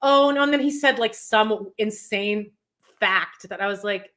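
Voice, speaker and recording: A young woman co-hosting a casual podcast chat, telling stories in an animated way, laughing often and swearing freely. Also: mid-range voice, unhurried. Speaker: podcast co-host.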